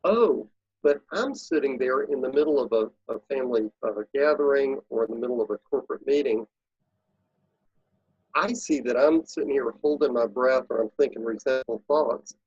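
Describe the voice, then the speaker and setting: A man speaking as an interview guest, coaching listeners in an animated, emphatic way. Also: mid-range voice, moderate pace, husky, no echo, lo-fi sound. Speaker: guest, productivity speaker and consultant. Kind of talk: casual interview talk.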